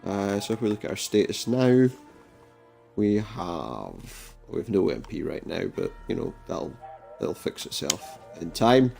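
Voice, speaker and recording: Low, gravelly man narrating a game. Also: measured pace, faint music behind. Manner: reads game dialogue aloud in a flat voice, adding dry jokey asides. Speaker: let's play commentator. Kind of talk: casual gameplay commentary.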